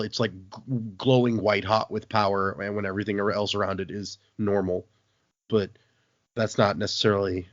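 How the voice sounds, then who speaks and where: A podcast host with a lowish voice casually recaps a book, telling it animatedly and acting out the quotes. The audio is dull, dry and lo-fi, with no echo.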